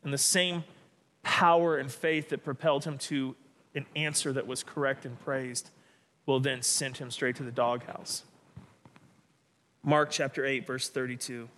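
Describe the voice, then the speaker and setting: A man delivering a sermon as pastor, preaching in an animated, dramatic way with sudden emphatic bursts. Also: mid-range voice, a little slow.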